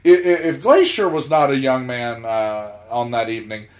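A man's voice: mid-range voice, moderate pace. A man from South Georgia, a podcast co-host, telling a story in casual chat, laughing as he talks and acting out the lines of people in it. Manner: animated, laughs mid-sentence, acts out quotes.

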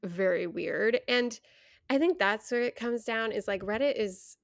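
A woman's voice: a little high, unhurried, vocal fry, no room sound, clean studio sound. A young adult woman co-hosting a podcast, talking frankly and earnestly with frequent laughs. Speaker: podcast co-host. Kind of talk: casual chat.

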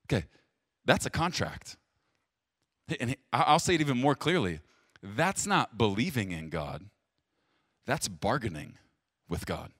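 A male pastor delivering a sermon straight to his viewers, with a lively voice that leaps up for emphasis and sinks low and quiet. His sound is close and dry, with no room around it. He talks plainly and directly. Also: measured pace, long pauses, dry recording. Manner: emphatic, swinging from loud stresses to hushed low lines.

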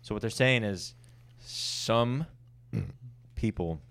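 A man's voice: on the low side, slow, fairly bright tone. A young man co-hosting a podcast in casual chat, laid-back and stumbling over words when he reads aloud. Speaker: podcast co-host.

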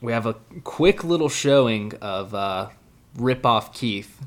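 A man co-hosting a casual podcast recaps an anime episode in a blunt, joking way. His mid-range voice is expressive, and he mimics characters in quick asides.

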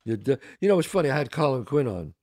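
Emphatic male host with a lively voice. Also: medium pitch, fast, no echo. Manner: emphatic, swearing, repeats his points. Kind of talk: casual chat.

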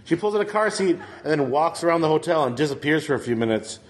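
A man's voice: a little high, lively intonation, quick pace. Rambling, laughing storyteller man. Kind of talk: casual storytelling chat.

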